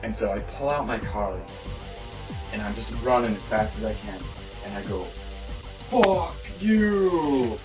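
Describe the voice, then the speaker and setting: A man narrating his run through a city chase game in a casual, lively storytelling voice, acting out the shouts he heard. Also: lowish voice, normal speed, loud music behind the voice. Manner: lively retelling, acts out quoted shouts.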